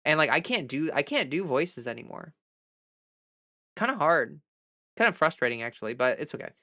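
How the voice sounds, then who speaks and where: Woman, livestream host, casual chatty advice, bright voice, dry sound. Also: deep voice, very animated, moderate pace, dry recording. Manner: chatty, candid, advice-giving. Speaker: livestreamer giving voice-training advice.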